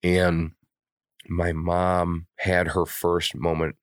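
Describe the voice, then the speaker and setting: A man's voice: sits low, monotone, drawn-out words, smooth, no room sound, studio quality. A man co-hosting a podcast, talking candidly in casual chat with blunt, heavily profane, openly emotional speech. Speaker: podcast co-host.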